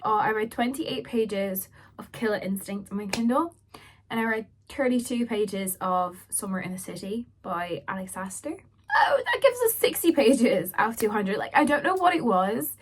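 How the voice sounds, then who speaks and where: A young woman in her twenties, chatting casually as a book vlogger, rambling with lots of fillers and sounding a little hoarse. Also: medium pitch, lively intonation, moderate pace, slight background noise. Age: 20s. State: slightly hoarse, losing her voice. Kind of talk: casual vlog chat.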